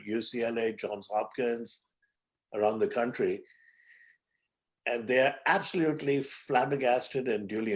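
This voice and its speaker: An older man from India speaks as a guest in an interview, recounting a story from his own life. He is measured and reflective, and his voice sits at an ordinary middle pitch. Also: a little mellow. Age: 70s. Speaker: guest, physician and author.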